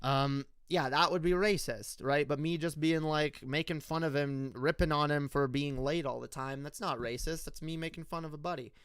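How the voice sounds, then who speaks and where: A man's voice: a little high, steady tone, moderate pace, few pauses, a bit bright, clear, resonant tone, dry recording, clean studio sound. Heated, profane young man ranting. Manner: heated, profane, rambling with restarts; argumentative, addresses viewers directly. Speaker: political commentator. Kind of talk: unscripted rant-style commentary.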